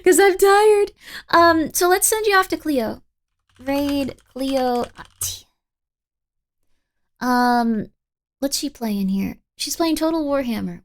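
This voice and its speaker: Woman streamer, sleepy and drowsy, slightly slurred, loose rambling chat with a raspy creak in a raised voice. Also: on the high side, a little slow. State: sleepy and tired. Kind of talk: casual live-stream chat.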